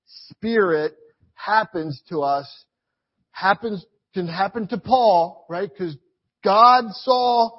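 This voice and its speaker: Husky-voiced man preaching a sermon. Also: sits high, muffled recording. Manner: emphatic, repeats phrases, shifts between loud and quiet.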